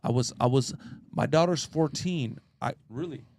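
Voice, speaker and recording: A man's voice: medium pitch, moderate pace, vocal fry, darkish tone, slight background noise. A man hosting a casual chat, talking in an emphatic, profane way and repeating phrases as he builds his point.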